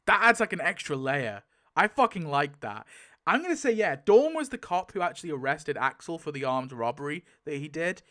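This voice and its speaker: A man's voice: on the high side, sing-song, normal speed, sharp tone. Chatty young man spinning a wheel. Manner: chatty and rambling, lots of filler and swearing. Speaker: video creator. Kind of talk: casual commentary while spinning a wheel.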